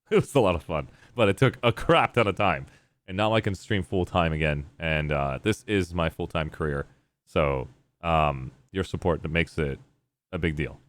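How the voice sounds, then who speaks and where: A male game streamer chatting casually, reading out chat messages and rambling in response. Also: deep voice.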